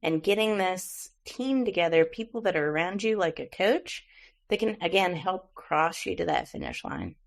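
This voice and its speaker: A woman's voice: lowish voice, big pitch swings, moderate pace, creaky. A woman hosting a podcast, telling a story in a chatty way with frequent laughs. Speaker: podcast host. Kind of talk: casual podcast interview.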